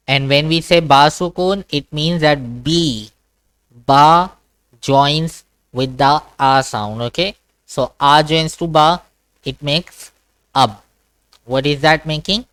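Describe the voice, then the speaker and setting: A man's voice: a little high, slow pace, a bit bright, clean tone, no room sound. Patient man teaching Quran reading. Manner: patient, repetitive, checks understanding with "okay?". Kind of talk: online one-to-one reading lesson. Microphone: video call.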